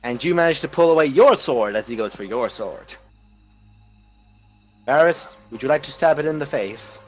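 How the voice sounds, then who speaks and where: A man's voice: medium pitch, lively intonation, moderate pace, faint music behind, poor audio. A man narrating as game master of a tabletop game, teasing his players.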